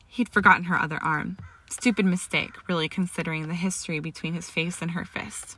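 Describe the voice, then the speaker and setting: A woman reading a story aloud in a steady, measured way. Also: low-pitched, no echo. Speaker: fan fiction reader. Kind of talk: story narration.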